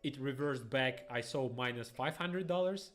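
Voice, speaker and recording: A young man, rambling excitedly through live trading stream commentary in phrasing. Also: medium pitch, moderate pace. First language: Russian. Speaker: day trader streamer.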